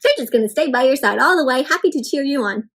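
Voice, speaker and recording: High-voiced woman reading aloud to kids. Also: expressive, fast. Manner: warm, encouraging, asks children questions. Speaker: children's storybook reader. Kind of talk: interactive read-aloud for kids.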